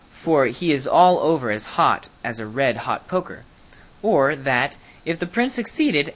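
Lively storybook reader. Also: medium pitch. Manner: lively, expressive reading with small slips. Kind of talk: reading a storybook aloud.

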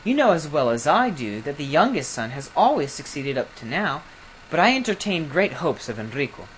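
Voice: medium pitch, sing-song, moderate pace, fairly bright tone, a little hiss or hum. A storybook reader voicing a lazy, smug young prince who speaks with prim, lecturing politeness.

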